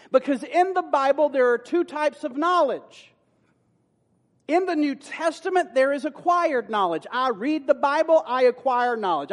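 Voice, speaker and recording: Male pastor, folksy and playful, sermon, church hall echo. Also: very high-pitched. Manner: folksy, playful preaching with rising emphatic bursts. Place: church sanctuary. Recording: long hall reverb.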